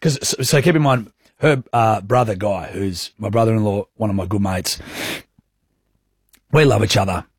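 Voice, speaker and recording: A man's voice: lowish voice, normal speed, pauses often, a little mellow, husky, no echo. An Australian man co-hosting a radio show, telling a self-mocking anecdote in casual banter from a studio microphone. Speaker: radio co-host.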